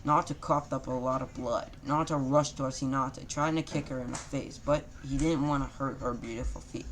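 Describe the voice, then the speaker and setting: A man's voice: mid-range voice, steady tone, a little fast, fairly bright tone. A man casually improvising a fan fiction story, rambling and correcting himself as he goes. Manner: rambling, self-correcting, loose grammar.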